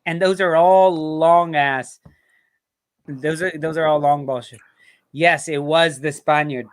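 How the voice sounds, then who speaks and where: A man's voice: a little high, steady tone, a little slow, smooth. Laid-back American man hosting trivia. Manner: laughing, swearing, jokey asides. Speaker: host. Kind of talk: casual trivia banter.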